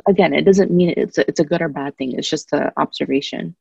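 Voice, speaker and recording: A woman sharing her view in a casual group discussion, thoughtful and filling pauses with "you know" and "like". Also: deep voice, gravelly, darkish tone, slightly rough, no echo, dull audio. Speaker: discussion participant.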